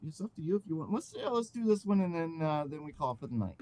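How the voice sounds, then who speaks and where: A man runs a tabletop wrestling game as game master, talking in a casual, animated way. His voice swings up and down with energy, and he often pauses with fillers. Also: fairly high pitch, dry recording. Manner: animated, with fillers and quick apologies.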